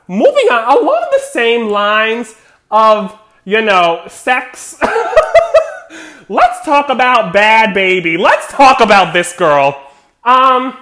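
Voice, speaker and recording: A woman's voice: a little high, fairly bright tone. A woman hosting a casual commentary show, talking in a sarcastic, incredulous, rambling way with lots of fillers. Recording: roomy echo.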